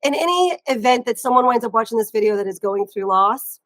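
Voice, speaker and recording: A woman's voice: fairly high pitch, expressive, fairly quick, fairly bright tone, no echo. A woman guest in an interview, speaking earnestly and from the heart about hard times. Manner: heartfelt, tearful at moments, earnest. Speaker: guest, online seller. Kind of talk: emotional interview talk.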